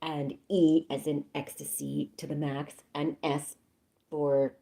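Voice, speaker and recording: A woman's voice: low voice, flat delivery, slow, vocal fry, warm tone. A woman reading a story aloud on a live stream in a chatty, playful way, breaking off for jokes and asides. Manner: chatty, playful, swears and jokes between passages.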